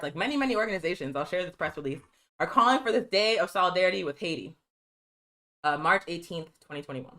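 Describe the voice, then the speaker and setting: Fast, bright-voiced woman hosting a stream. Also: medium pitch, poor audio. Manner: fast-talking, emphatic, addresses viewers as y'all. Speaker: host of a live political news show. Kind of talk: live-streamed political commentary and reading.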